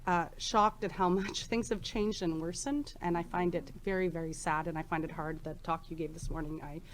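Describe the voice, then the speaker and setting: A woman's voice: fairly low pitch, fairly even intonation, fairly quick, a little hiss or hum. A woman in her forties presenting research at a conference in a chatty, informal way, with many ums and restarts, on a microphone in a conference room. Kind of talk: conference talk. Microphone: handheld microphone.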